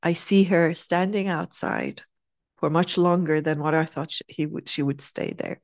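A middle-aged woman telling a personal story in a casual, animated way, often laughing, with slightly non-native phrasing. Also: low-pitched, moderate pace, creaky, no room sound, clean studio sound. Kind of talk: casual anecdote.

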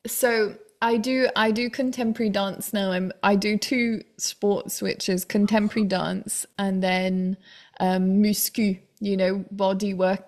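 A woman in casual conversation, a single mother telling lively stories about her dance class and money worries, with laughter and exclamations. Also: medium pitch, unhurried. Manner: animated storytelling with laughs and exclamations. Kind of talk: casual chat.

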